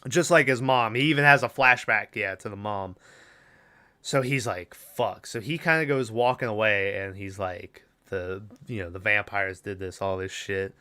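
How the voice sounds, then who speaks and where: A man's voice: fairly low pitch, bright, forceful tone, clear, resonant tone. A man co-hosting a podcast, rambling through a casual movie recap with lots of fillers and swearing. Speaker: podcast co-host.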